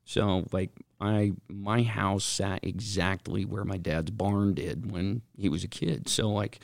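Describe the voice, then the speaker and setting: A man co-hosting a podcast, telling rambling stories in an excitable, casual way. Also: fairly low pitch, slow, gravelly, no echo, clean studio sound. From Utah, Salt Lake Valley. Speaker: podcast co-host.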